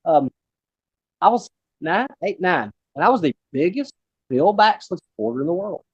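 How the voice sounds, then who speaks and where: A man's voice: sits high, very animated, normal speed, husky, no room sound, lo-fi sound. A man in his forties hosting a casual interview, telling a rambling personal story. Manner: rambling, many fillers and restarts. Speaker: host.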